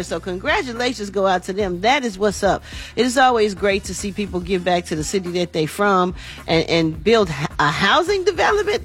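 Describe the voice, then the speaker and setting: A woman hosting an entertainment news segment on a morning radio show, talking in a chatty, folksy way. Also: medium pitch. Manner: chatty, folksy, says y'all and honey.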